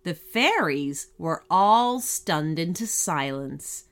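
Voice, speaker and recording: Slow, lively storytelling woman. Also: fairly low pitch. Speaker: podcast host and storyteller. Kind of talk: bedtime story narration.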